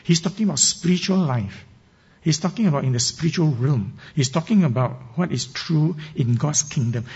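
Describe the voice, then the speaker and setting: Man, pastor, sermon, earnest teaching, dark warm voice, muffled recording. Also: a little high, expressive, normal speed, husky. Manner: earnest teaching with emphatic scripture readings.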